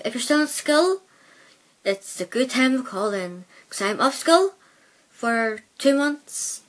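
A high-voiced woman from Northern Ireland, whose accent blends Belfast and Plymouth, hosts a casual solo podcast. Speaking into a headset mic, she rambles hesitantly with plenty of fillers.

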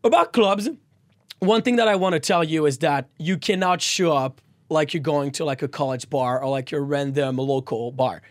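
A man's voice: on the high side, normal speed, no echo. A young man from France with a French accent, chatting playfully as a podcast co-host. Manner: animated, playful, many "like" and "you know" fillers. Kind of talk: casual chat.

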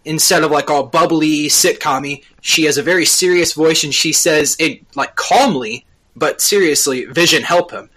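A man co-hosting a podcast, recapping a TV episode at length in casual chat, often pausing on filler sounds. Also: a little high, sharp tone, rough recording. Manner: explains at length with frequent uh fillers. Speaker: podcast co-host.

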